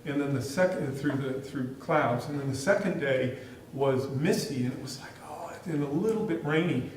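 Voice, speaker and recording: A man's voice: medium pitch, normal speed, slight background noise. A man speaking as school superintendent at a board meeting, telling chatty, amused stories. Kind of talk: meeting remarks and storytelling. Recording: echoey room, distant mic.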